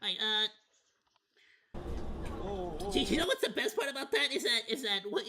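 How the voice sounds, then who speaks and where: A man's voice: extremely high pitch, sing-song, moderate pace, crowd noise. A man streaming a watch party, rambling through casual commentary in a candid, loosely profane way. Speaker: VTuber streamer.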